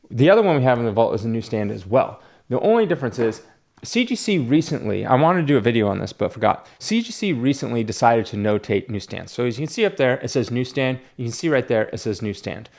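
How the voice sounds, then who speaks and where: A man's voice: mid-range voice, sing-song, a little fast, a little mellow. A man running a comic book shop, chatting casually and rambling as he talks himself through each graded book. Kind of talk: casual unboxing chat.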